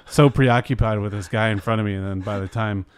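A man's voice: on the low side, fairly even intonation, a little fast, clear, resonant tone, dry recording, studio quality. A young man telling a story in casual chat, rambling, swearing and filling his talk with "like". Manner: rambling, heavy 'like' fillers, swears, acts out voices in his story.

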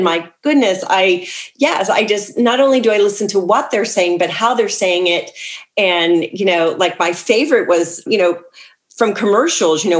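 A woman author being interviewed, chatting casually with quick asides and frequent laughter. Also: medium pitch. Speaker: author guest.

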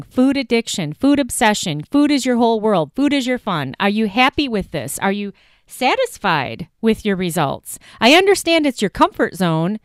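A woman's voice: on the high side, clear, resonant tone, no room sound, studio quality. A woman hosting a solo coaching podcast, talking directly and emphatically, firing off rhetorical questions. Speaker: podcast host and weight loss coach.

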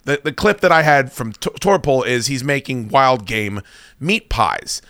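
A man's voice: medium pitch, lively intonation, a little slow, a bit bright, dry recording, studio quality. A man from the United States hosting a podcast, chatting casually in a rambling, profane, opinionated way. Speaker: podcast host. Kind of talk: casual chat.

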